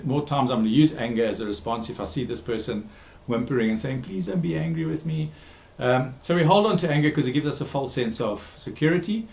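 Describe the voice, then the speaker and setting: A man who works as a therapist gives a recorded talk, speaking emphatically, repeating key words and pausing with frequent ums. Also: mid-range voice, echoey room. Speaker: therapist giving a talk series.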